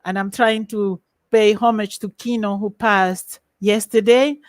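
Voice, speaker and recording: A woman lecturing in an online academic webinar, lively and emphatic, over a video call. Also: mid-range voice, measured pace, no echo.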